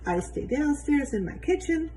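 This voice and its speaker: Middle-aged woman, stand-up comic, higher voice, bouncy punchy delivery, noisy home recording. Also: normal speed. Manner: punchy joke delivery with bouncy, animated pitch. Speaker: stand-up comedian. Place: home kitchen.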